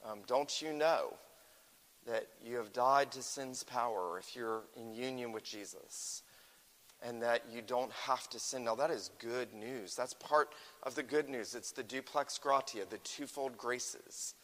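Man preaching, earnest and emphatic, mid-pitched voice, echoey hall sound. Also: unhurried, a bit bright. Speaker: pastor. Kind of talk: sermon.

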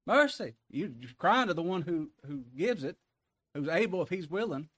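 A man preaching a sermon in a conversational way, dropping to soft asides and rising to emphatic cries, often ending with tag questions. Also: on the high side, lively intonation, moderate pace, no room sound.

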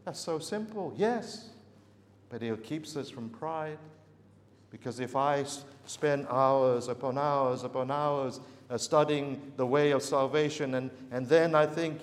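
A man preaching a sermon earnestly, repeating words for emphasis and pausing on fillers. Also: mid-range voice. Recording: echoey hall with long reverb.

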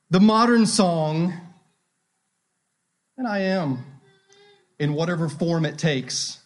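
A man in his thirties preaching a sermon, earnest and emphatic, repeating key phrases and slowing for emphasis. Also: on the high side. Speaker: pastor.

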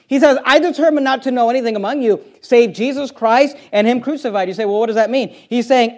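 High-voiced man preaching emphatically. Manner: emphatic and confrontational, repeats key phrases. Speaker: pastor. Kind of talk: sermon.

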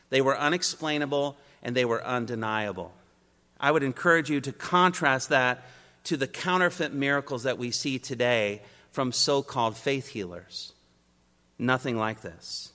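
A man delivers an expository sermon with a bright, forceful tone. He hammers his points home in repeated three-part phrases, and his voice rings out with the long reverb of a large hall. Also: medium pitch. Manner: emphatic, builds points in repeated rhetorical triads. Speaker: preacher.

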